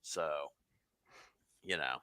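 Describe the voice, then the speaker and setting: A man's voice: rumbling low, drawn-out words, sharp tone, smooth, no room sound. A man hosting a live podcast, chatting casually about election results, swearing freely and reading chat comments aloud. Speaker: podcast host.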